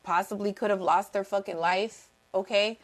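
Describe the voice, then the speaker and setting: Speaking at a moderate pace in a mid-range voice with fairly even intonation, this tarot reader keeps things casual. She swears freely, says things bluntly and more than once for emphasis, and says hello to people in the live chat.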